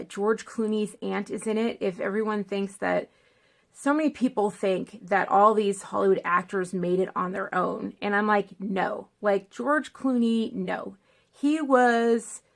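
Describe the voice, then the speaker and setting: A woman's voice: on the high side, gravelly. A woman talking casually to the camera as a film vlogger, rambling and digressive, with lots of fillers.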